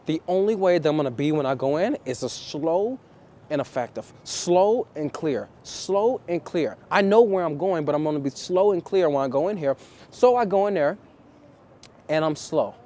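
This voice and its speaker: A man coaching viewers on dating in a vlog, talking deliberately and repeating key phrases for emphasis. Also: fairly high pitch, lively intonation, dark tone.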